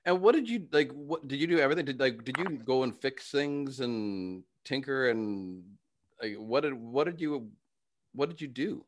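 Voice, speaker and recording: A man hosting an interview, friendly and quick to laugh, asking long, winding questions. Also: medium pitch, animated. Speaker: interview host. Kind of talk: casual interview.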